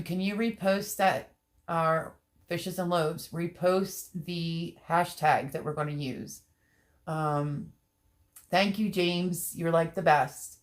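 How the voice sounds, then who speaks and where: A woman hosting a casual gardening livestream, reading viewer comments aloud, her voice strained from laughing and crying. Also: deep voice. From Pennsylvania. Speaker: livestream host.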